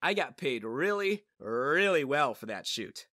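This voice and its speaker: A man's voice: mid-range voice, big pitch swings, measured pace, pushed and bright, dry recording, studio quality. A man telling a story in the first person, in casual scripted narration.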